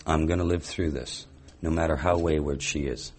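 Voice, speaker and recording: A man's voice: extremely low pitch, fairly even intonation, normal speed, slight background noise. A man teaching a sermon, reading scripture aloud and reflecting on it with rhetorical questions. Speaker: Bible teacher.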